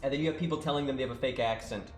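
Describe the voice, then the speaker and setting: A man's voice: medium pitch, racing. A man streaming live, ranting in a casual, exasperated way and swearing freely. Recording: roomy sound with faint music.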